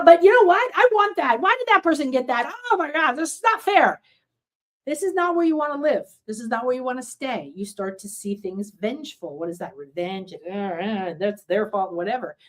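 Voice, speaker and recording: Woman, healing teacher; animated, acts out emotions in short outbursts. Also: medium pitch.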